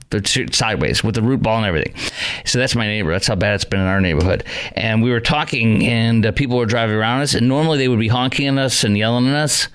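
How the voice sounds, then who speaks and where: A man hosting a call-in talk radio show, chatty and animated with many asides. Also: on the low side, smooth. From North Texas.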